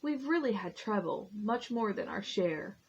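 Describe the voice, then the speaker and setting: A woman's voice: medium pitch, animated, measured pace, breathy edge, muffled recording. A woman doing the earnest, tiny mayor. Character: tiny friendly male town mayor.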